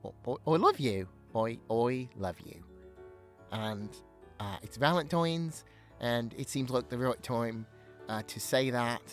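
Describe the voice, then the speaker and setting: A jittery male skunk shopkeeper, played by a man, stumbles over his words in an audio role-play, his pitch leaping up and down with nerves. He rambles and apologises in a mid-range voice while soft music plays faintly underneath. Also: animated, slow. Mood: tender, nervous. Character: nervous scatterbrained male skunk bookshop owner. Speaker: boyfriend.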